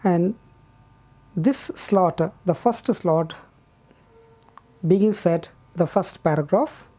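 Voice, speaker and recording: A woman teacher explains a textbook lesson, speaking patiently and deliberately, repeating key words and pausing often. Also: lowish voice, warm tone. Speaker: English teacher. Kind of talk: slow classroom explanation.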